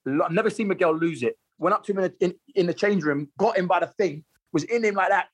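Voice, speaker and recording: A man, a footballer guest telling lively anecdotes in a casual interview, laughing and repeating himself. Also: high-pitched, fast, hardly any pauses, breathy edge.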